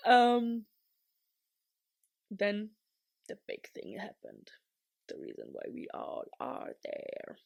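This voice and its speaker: A young woman vlogger chatting casually and excitably, rambling, laughing often and swinging from whispers to shouts. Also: mid-range voice, takes it slowly, vocal fry, pauses often, no room sound, clean studio sound.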